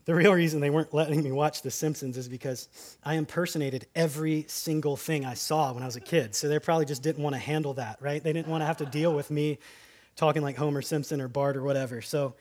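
Brief: male pastor, high-pitched, chatty sermon style with playful voices. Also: steady tone, fast, darkish tone. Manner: conversational preaching, frequent "right?" asides; acts out quoted voices for humor.

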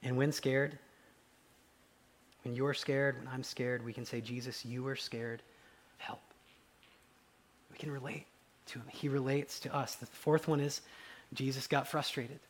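A man preaching a conversational sermon, dropping to quiet low asides and rising into loud, excited acted quotes. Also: moderate pace, pauses often. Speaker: pastor.

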